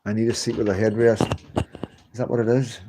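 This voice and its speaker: Man in his fifties hosting a home livestream, loose and chatty, reads out comments, quick to laugh. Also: fairly low pitch, flat delivery, background noise. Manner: chatty, rambling, laughs often. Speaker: livestream host. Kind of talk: casual livestream chat reading comments.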